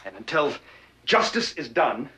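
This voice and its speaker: Theatrical schemer, melodramatic, sweeping pitch, slow speech, music behind. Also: male voice, very animated, pushed and bright, a little hiss or hum. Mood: pleading. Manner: florid and melodramatic, pleading. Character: scheming, theatrical middle-aged male businessman, jailed. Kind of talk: TV drama acting.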